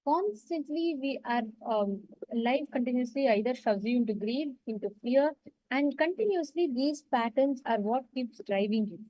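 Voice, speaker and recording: Give me a high-voiced woman telling a teaching story. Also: animated, moderate pace, mellow, no echo, rough recording. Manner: storytelling, earnest and explanatory. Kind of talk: teaching talk with a parable.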